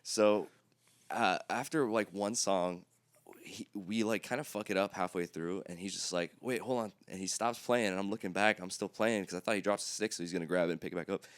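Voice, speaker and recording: A man co-hosting a podcast, telling a story in casual chat, profane and animated, acting out his own reactions. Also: deep voice, a little fast, dry recording. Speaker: podcast co-host.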